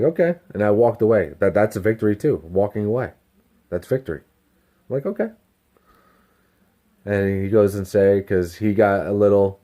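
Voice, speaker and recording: A delivery driver talking casually to camera, candid and self-reflective, rambling and swearing freely. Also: male voice, on the low side, warm tone. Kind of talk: casual self-help vlog monologue.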